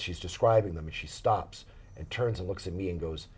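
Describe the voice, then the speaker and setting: A man's voice: deep voice, animated, fairly quick, husky. A man, a paranormal investigator guest in a small studio, telling his stories in a casual interview with many fillers and restarts.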